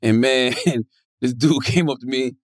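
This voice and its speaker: A man co-hosting a podcast, chatting casually and telling animated stories, laughing often. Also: mid-range voice, measured pace, no echo, studio quality. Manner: animated storytelling, laughs a lot. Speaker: podcast co-host. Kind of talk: casual chat.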